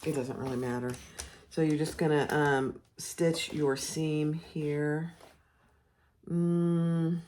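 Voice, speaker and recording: A woman with a low voice talks her way through a sewing project, slow and unhurried. She chats and laughs at her own setup as she works. The recording carries clear background noise from her sewing room. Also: fairly even intonation, darkish tone. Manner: chatty, self-deprecating, talks while working. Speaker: sewing pattern tutor. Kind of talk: casual sewing tutorial.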